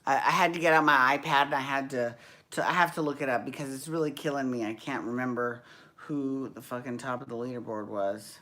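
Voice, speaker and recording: Woman rambling about a dance show, low voice, chatty, restarts a lot. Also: a little fast, a bit bright. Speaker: podcast host recapping dance shows. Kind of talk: casual chat.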